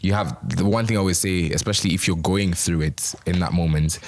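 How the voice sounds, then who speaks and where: Deep-voiced young man, earnest. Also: brisk. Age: young adult. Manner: earnest, faith-based encouragement. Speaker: co-host of a youth discussion. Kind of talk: casual panel discussion.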